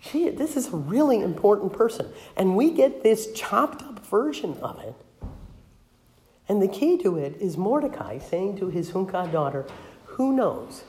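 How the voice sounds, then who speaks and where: An older woman pastor giving a sermon, retelling a Bible story with acted-out voices and sometimes dropping to a soft, hushed tone. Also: mid-range voice, sing-song, normal speed, echoey room. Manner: drops to a soft, hushed voice for emphasis.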